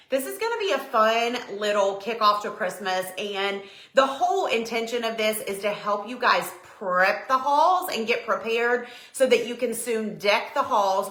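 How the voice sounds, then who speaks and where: A middle-aged woman from Tennessee with a Southern accent, chatting casually and warmly greeting viewers by name on her live stream. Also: a little high. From Tennessee, USA. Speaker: decor business owner hosting a live stream. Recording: echoey room.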